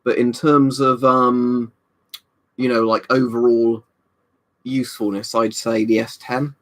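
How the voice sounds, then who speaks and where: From a room in his home, a young UK man livestreams, mid-range voice flat, unhurried, and fairly bright. He's had a drink and is slightly tipsy, reading out viewer comments in a meandering, talkative way full of "um" and "you know."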